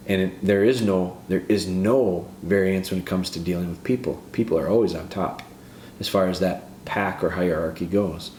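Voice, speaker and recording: A man with a lowish voice talks through dog training like a casual podcast host, earnest and given to restarting his sentences. He sounds like he is in an echoey room, with a faint hiss of noise behind him. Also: a little mellow. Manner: earnest, repeats and restarts phrases.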